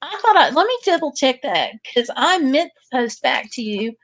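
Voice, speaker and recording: A woman's voice: high voice, big pitch swings, moderate pace. A woman hosting a casual livestream, reading out viewer comments and chatting back to them. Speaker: livestream host.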